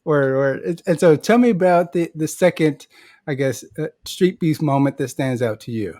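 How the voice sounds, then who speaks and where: A man hosting an interview, talking in a relaxed, chatty way and asking questions. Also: a little high, moderate pace, no echo. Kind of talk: casual interview.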